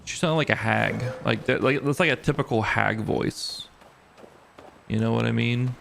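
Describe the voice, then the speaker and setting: A man's voice: mid-range voice, normal speed, gravelly, fairly bright tone, a little hiss or hum. A man streaming a game, commenting casually in a laid-back, slangy way.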